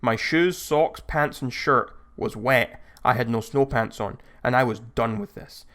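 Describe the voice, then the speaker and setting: A man narrating online stories in a steady, scripted reading style. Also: medium pitch, a little slow. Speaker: story narrator.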